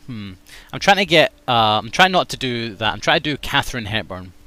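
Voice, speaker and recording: A man's voice: medium pitch, sing-song, fairly quick, pushed and bright, no echo. A man streaming a game, chatting casually and joking about his own attempts at voices. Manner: playful, self-critical, trying out voices. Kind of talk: casual gaming livestream chat.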